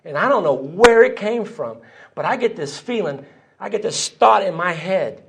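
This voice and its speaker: A man's voice: high voice, expressive, moderate pace, gravelly, a bit bright. A man telling his recovery story to a crowd in a church hall, acting out the voices of the people he quotes. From Texas. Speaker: AA speaker sharing his story. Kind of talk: storytelling talk at a conference.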